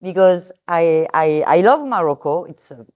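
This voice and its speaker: A woman's voice: on the low side, animated, unhurried, a little mellow, highs cut off. A French woman with a French accent, a guest in a casual chat, explaining with some hesitant fillers. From France.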